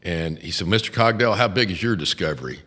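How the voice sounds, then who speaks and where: Older guy, lowish voice, cussing and laughing through trial stories, roomy reverb. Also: expressive, fast, sharp tone, slightly rough. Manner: profane, laughing, acts out quotes. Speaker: podcast host, defense attorney. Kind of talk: casual storytelling chat.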